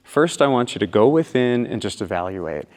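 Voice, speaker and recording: A man of middle pitch tells stories from a stage to a live audience. He is animated, acting out little scenes and coaxing the crowd along. His voice carries a long hall reverb. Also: moderate pace. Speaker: conference speaker. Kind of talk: storytelling talk to a live audience. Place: conference hall.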